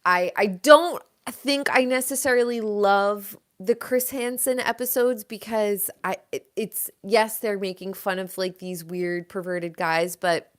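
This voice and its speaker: A woman's voice: medium pitch, measured pace, hardly any pauses. Young woman host, laid-back pace, gossipy casual chat, swears freely. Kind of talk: casual chat about reality TV.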